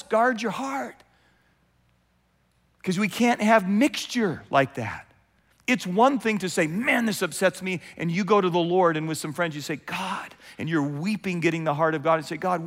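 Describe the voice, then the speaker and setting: Male pastor, sermon delivery, animated with acted-out asides, slightly high voice, long church-hall reverb. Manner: animated, acts out quoted voices, swings from loud to hushed.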